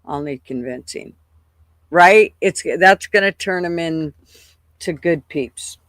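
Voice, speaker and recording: A woman's voice: fairly low pitch, slow pace, a bit bright, no echo. Older woman, livestream host, casual rambling chat, cusses, dry close mic. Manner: chatty, swears freely, greets viewers by name.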